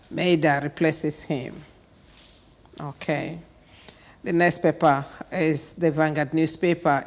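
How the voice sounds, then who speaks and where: A woman hosting a TV newspaper review, her voice rough from a cold, reading headlines aloud with short pointed asides. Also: sits low, big-room sound. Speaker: TV morning show host.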